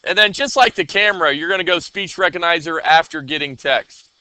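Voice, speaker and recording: A man's voice: fairly high pitch, fairly quick, sharp tone. A man teaching a classroom coding lesson, talking casually and often checking that his students are following.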